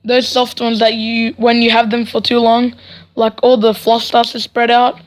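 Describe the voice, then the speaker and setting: A man's voice: very high-pitched, completely flat delivery, normal speed. A teenage boy telling a storytime vlog in a rambling, sarcastic way, with frequent "right?" asides. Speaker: vlogger.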